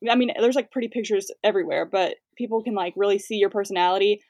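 A woman in her twenties, a guest influencer, chatting casually and quickly with lots of fillers and laughs. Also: mid-range voice, a little mellow, dry recording. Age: 20s. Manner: fast-talking, filler-heavy, laughing. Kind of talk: casual interview chat.

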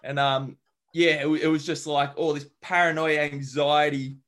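Podcast guest, young man, bit higher voice, animated storyteller who swears a lot. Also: moderate pace. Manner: lively, swears freely, acts out quotes. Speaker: podcast guest, travel author. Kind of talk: casual storytelling.

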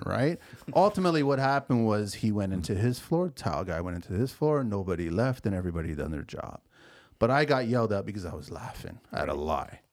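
A lower-pitched man with a gravelly edge tells a job-site story in casual podcast chat. His delivery is animated and swings widely in pitch, and he laughs easily as he talks. The sound is dry and close. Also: a little fast. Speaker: podcast co-host.

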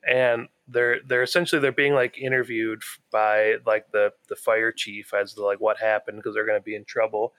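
A man's voice: fairly low pitch, flat delivery, moderate pace, hardly any pauses, fairly bright tone, no room sound. A man chatting casually as a podcast co-host, retelling an episode with frequent laughs and filler words. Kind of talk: casual chat.

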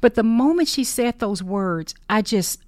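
A woman hosting a podcast, talking unscripted in an earnest, heartfelt way with many pauses. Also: on the high side, expressive, darkish tone, dry recording, clean studio sound. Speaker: podcast host. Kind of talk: unscripted personal talk.

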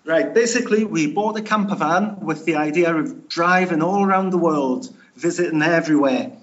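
A man's voice: on the high side, moderate pace, fairly bright tone, dull audio. A man from Newcastle with a Geordie accent, chatting casually as an interview guest and laughing at himself. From Newcastle, England. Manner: chatty, self-deprecating, laughs often.

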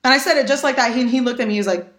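A young woman on a podcast tells her stories with animated energy, slipping into quoted dialogue, laughing and swearing freely. Her voice sits a little high, and the sound carries an echoey room with a faint hiss behind it. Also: very fast. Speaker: podcast guest. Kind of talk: casual podcast storytelling.

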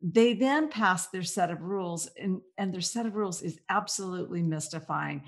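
Woman co-host, lowish voice, dry mocking delivery, rattles off lists. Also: moderate pace. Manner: sardonic, mocking, lists things off. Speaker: podcast co-host. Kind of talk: political talk show chat.

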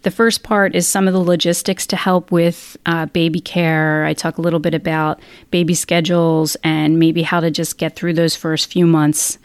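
A woman's voice: low voice, level tone, moderate pace, few pauses, smooth, no room sound. A middle-aged woman author talking candidly in a casual interview, rambling with frequent restarts. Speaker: author guest.

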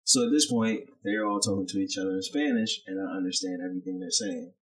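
A man's voice: low-pitched, fairly even intonation, fast, poor audio. A man co-hosting a podcast, telling a story in casual chat, acting out the people he quotes and swearing freely. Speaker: podcast co-host, chef.

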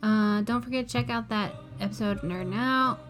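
A woman co-hosting a podcast, talking excitedly in a casual fan chat. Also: mid-range voice, normal speed, soft background music. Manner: chatty, excited fan talk with frequent laughs. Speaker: podcast co-host.

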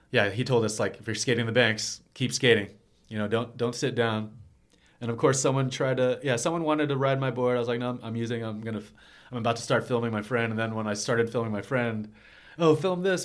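A man's voice: medium pitch, fairly bright tone. A man, a skateboarder being interviewed, telling loose, rambling stories in casual chat with lots of filler words. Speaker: skateboarder guest.

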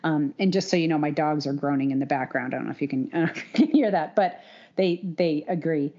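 A woman's voice: sits low, fast talker, mellow. A middle-aged woman co-hosting a casual podcast, chatty and laughing often as she talks. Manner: chatty, laughs often, puts on mock voices. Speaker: podcast co-host. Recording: dull lo-fi audio.

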